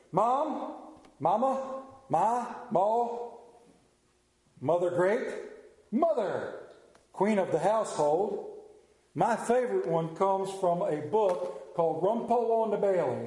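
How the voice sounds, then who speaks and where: High-voiced man preaching in a roomy hall. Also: darkish tone. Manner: folksy, joking storyteller. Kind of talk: Mother's Day sermon.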